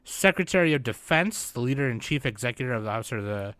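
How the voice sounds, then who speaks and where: A man's voice: mid-range voice, expressive, fast, a bit bright, no echo. A young man co-hosting a podcast, chatting in a loose, rambling and profane way. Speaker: podcast co-host. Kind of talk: casual chat.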